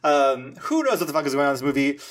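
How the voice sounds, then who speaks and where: A man co-hosting a film review podcast, rambling in an animated way and cursing freely. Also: mid-range voice, racing. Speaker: podcast co-host. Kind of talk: casual film review chat.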